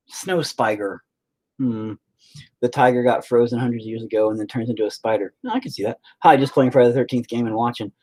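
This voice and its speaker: A man hosting a livestream in casual chat, rambling and teasing the viewers with lots of profanity. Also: medium pitch. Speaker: livestream host.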